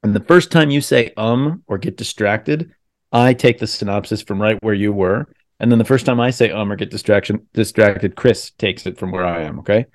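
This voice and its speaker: A man with a fairly low voice hosts a casual podcast, rambling in long chatty runs and stopping to correct himself. His voice is recorded dry and close, with little room sound. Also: moderate pace, no echo. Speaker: podcast host. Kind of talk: casual chat over a video call. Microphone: video call.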